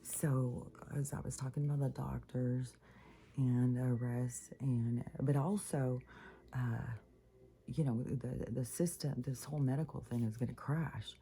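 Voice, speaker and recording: Gravelly, mellow woman ranting casually. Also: very deep voice, fairly even intonation, a little slow, a little hiss or hum. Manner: profane, rambling, many fillers and restarts. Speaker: spiritual vlogger. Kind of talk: rambling casual monologue.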